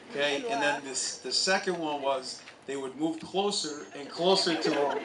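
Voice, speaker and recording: A man's voice: on the high side, reverberant, recorded from a distance, heavy background noise. A man, a college soccer coach, telling stories at an outdoor memorial speech. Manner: anecdotal storytelling, with chuckles. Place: outdoor stadium.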